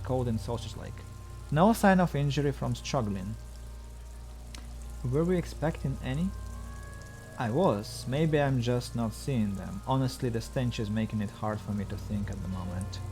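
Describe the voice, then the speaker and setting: A man's voice: medium pitch, warm tone. A male streamer reading a video game's text aloud, with wry asides between the lines.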